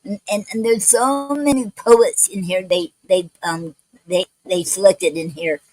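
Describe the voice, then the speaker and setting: A woman hosts a poetry livestream at her home mic, stumbling and restarting as she goes and carefully spelling out words. Some of her words don't come out clearly. The sound is dry and close, with a middle-pitched voice. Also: steady tone, darkish tone, no echo, low-quality recording. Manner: halting, many restarts and fillers, spells out words letter by letter. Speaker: poetry show host. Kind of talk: casual livestream talk.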